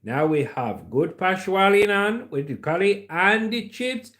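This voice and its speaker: Man doing a hawking market trader, Indian accent, singsong, loud, high. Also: very animated, a little slow, full character voice. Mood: boastful. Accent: put-on Indian accent. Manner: singsong, bold, repeating his calls. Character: loud, cheerful male market trader hawking cheap fish.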